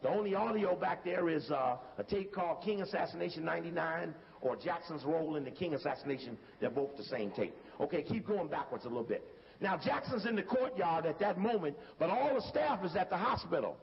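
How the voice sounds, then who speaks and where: A man with a high, lifted voice talks through video footage in a casual, emphatic way, calling out cues to stop and rewind as he goes. His voice comes through a dull recording with a long, roomy reverb, and a faint hiss sits underneath. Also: animated, fairly quick, vocal fry. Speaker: video commentator.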